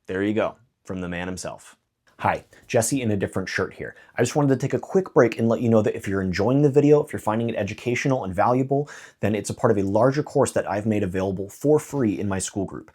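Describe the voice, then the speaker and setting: Low-voiced man teaching songwriting. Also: lively intonation, fast talker, darkish tone. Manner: clear explanatory, with dry joking asides. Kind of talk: educational video lesson.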